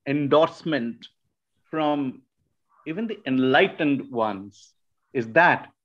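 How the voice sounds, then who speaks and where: A man from northeast India giving an academic webinar talk, pausing often and restarting his sentences. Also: a little high, expressive. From Shillong, Northeast India. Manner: hesitant, frequent restarts and fillers. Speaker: webinar speaker. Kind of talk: academic lecture. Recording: muffled online webinar audio.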